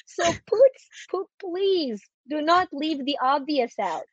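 A woman's voice: sits high, lively intonation, takes it slowly, dry recording, lo-fi sound. A woman in her forties, a guest coach on a podcast, teaching a process step by step with eager emphasis. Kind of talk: podcast conversation.

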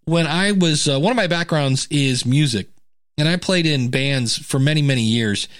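A man hosting a podcast in a casual, conversational way, animated and acting out quoted thoughts. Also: on the high side, moderate pace, dry recording, clean studio sound. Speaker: podcast host.

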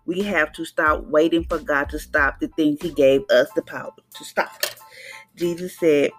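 A woman's voice: deep voice, steady tone, moderate pace, faint music behind. Woman giving a casual podcast devotional. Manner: conversational, preachy, acts out voices with laughs.

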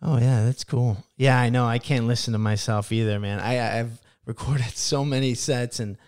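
A man's voice: medium pitch, fairly even intonation, moderate pace, darkish tone, clean tone. A man hosting a podcast, laid-back and laughing along with short replies. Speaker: podcast host. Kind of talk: casual podcast chat.

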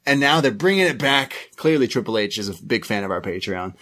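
A man's voice: medium pitch, lively intonation, a little fast, a bit bright. A man co-hosting a wrestling podcast, chatting casually and recapping the show with acted-out quotes. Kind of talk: casual chat.

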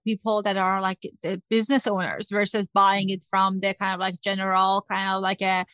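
A woman's voice: mid-range voice, level tone, normal speed, fairly bright tone, clean tone, no echo. A woman hosting a podcast, asking curious questions and reacting with amusement in casual chat. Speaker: podcast host.

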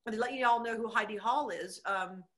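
A middle-aged woman, a former mayor, telling her story with emphatic, animated energy in a conversational interview. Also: on the high side, a little fast.

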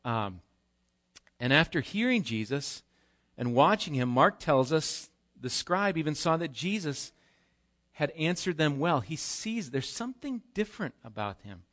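A man's voice: fairly high pitch, big pitch swings, measured pace, a bit bright. A man preaching a live sermon in a church, explaining scripture conversationally with rhetorical questions. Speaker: pastor.

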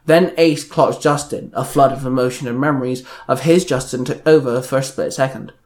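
A man's voice: mid-range voice, fairly even intonation, fairly quick. A young man reading his own superhero fan story aloud, telling it plainly with small slips and raising his voice for the characters' lines. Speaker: fan fiction reader.

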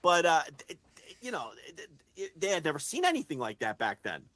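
A man co-hosting a podcast in casual chat, talking excitedly, swearing freely and building an argument point by point. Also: fairly high pitch, fairly quick, no echo. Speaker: podcast co-host.

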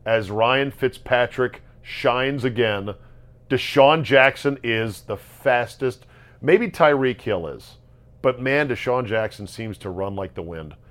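A man hosting a solo sports talk show, ranting sarcastically about football results and jumping between loud outbursts and low muttering. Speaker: sports podcast host. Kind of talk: casual solo sports commentary.

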